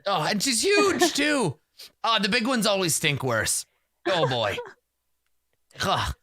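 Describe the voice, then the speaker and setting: Fussy, crude sorcerer healer, played by a man, high and stammering, dry close sound. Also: sing-song, takes it slowly, pushed and bright, no room sound, exaggerated voice. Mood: squeamish. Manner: rambling and squeamish, with many oh's and stammers. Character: forgetful, fussy, crude middle-aged male sorcerer healer.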